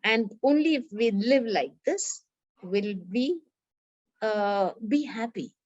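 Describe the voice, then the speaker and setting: A woman reading a story aloud to a class of schoolchildren, animated and acting out the characters' lines, with an Indian English accent. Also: on the high side, takes it slowly, no room sound, muffled recording.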